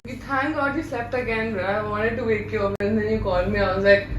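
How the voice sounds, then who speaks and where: Fast-talking young woman, animated. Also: medium pitch. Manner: animated, laughing, switches into Hindi. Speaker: vlogger. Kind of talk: casual storytelling to a friend. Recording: echoey room with faint ambient noise.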